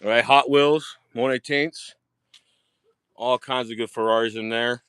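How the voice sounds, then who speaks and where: A man giving a casual live-stream tour of his diecast collection, excitable, swearing freely and repeating himself. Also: mid-range voice, a little slow, clean tone, no echo. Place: home storage rooms and outdoors at night.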